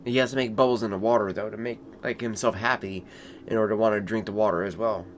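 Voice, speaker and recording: A man's voice: fairly low pitch, fairly even intonation, quick pace. A man streamer chatting casually at home, switching into baby talk with his cat and swearing freely. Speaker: console game streamer. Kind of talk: casual off-camera chat. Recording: noisy home background.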